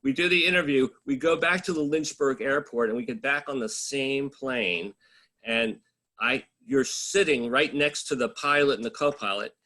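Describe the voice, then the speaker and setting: A man's voice: mid-range voice, normal speed, bright, forceful tone. A man, a journalist, telling funny stories from his reporting career in a casual, wry way, full of fillers and restarts. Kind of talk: casual storytelling talk.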